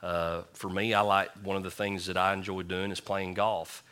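A man's voice: sits low, level tone, normal speed, a bit bright, clean tone. A man preaching a sermon, telling a funny story in a folksy, humorous way. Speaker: pastor.

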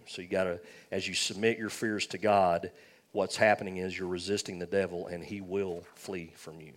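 A man's voice: low-pitched, level tone, normal speed. A man preaching a sermon as pastor, talking conversationally with jokes and frequent restarts.

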